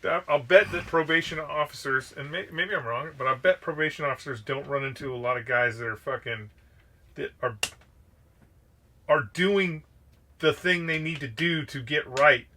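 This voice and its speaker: A man's voice: fairly high pitch, moderate pace, bright, forceful tone, a little hiss or hum. A man co-hosting a podcast, thinking aloud in casual, profane chat and hedging his points. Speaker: podcast co-host.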